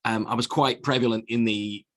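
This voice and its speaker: A middle-aged man with a mixed British and American accent, telling his story as a podcast guest, lively and full of restarts. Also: mid-range voice, moderate pace. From United Kingdom. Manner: animated storyteller with frequent repeated words and restarts. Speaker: guest, sales speaker. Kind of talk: conversational podcast interview. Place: small office studio.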